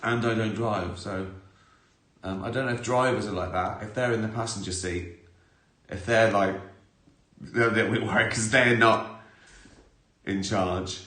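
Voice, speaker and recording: Low-voiced man telling stories in a roomy space. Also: steady tone, measured pace, pushed and bright. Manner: rambling storyteller, self-mocking, swears. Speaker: live stream host. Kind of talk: casual anecdotal chat. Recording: roomy echo.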